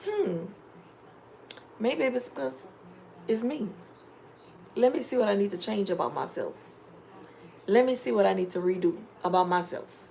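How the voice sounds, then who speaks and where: Woman, middle-aged, casual live-stream chat, preachy advice, mid-pitched voice, faint background hiss. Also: vocal fry. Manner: preachy, animated life advice with acted-out quotes. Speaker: home DIY vlogger.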